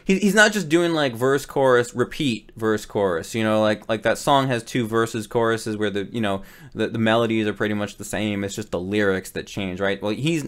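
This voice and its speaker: A man, a rock guitarist, talking casually as he reacts to a cover, rambling with many restarts and fillers. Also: on the low side.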